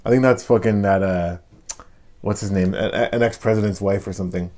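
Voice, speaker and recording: A man hosts a relaxed podcast in a loose, joking way. He swears freely and keeps the talk casual. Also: lowish voice, brisk. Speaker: podcast host. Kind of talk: casual chat.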